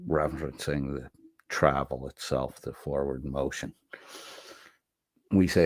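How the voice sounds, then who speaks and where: Middle-aged guy with a real low voice, rambling, swears a lot, dry close sound. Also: fairly even intonation, takes it slowly, pauses often, a little mellow, no room sound. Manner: profane, rambling, sardonic. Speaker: livestream host reading chat. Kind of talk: unscripted monologue, casual chat.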